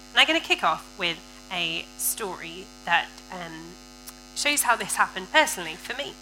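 A woman delivers a sermon to her congregation. She tells a personal story in a lively, animated way and laughs often. Her voice is bright and forceful, with a faint electrical hum behind it. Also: mid-range voice, low-quality recording. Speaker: preacher.

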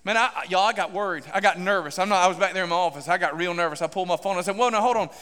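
High-voiced pastor in a church hall. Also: male voice, rapid-fire, clean tone. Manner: animated storytelling, acting out dialogue with sudden loud bursts. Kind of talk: sermon.

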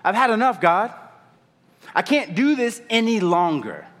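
A man's voice: medium pitch, big pitch swings, fast, bright, forceful tone, big-room sound. A preacher acting out a weary, frustrated male prophet who cries out in exasperation and mockery. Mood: exasperated. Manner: exasperated, pleading, mocking.

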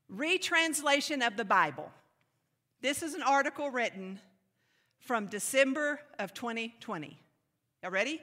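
A woman preaching a sermon in an animated, emphatic way, slipping into playful mock voices to make her points. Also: a little high, normal speed, long pauses, in a large hall.

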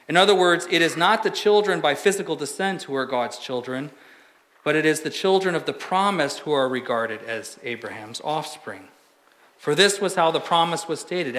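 A pastor preaching a conversational sermon in a church, asking the congregation rhetorical questions. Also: male voice, medium pitch, fairly bright tone. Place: church sanctuary.

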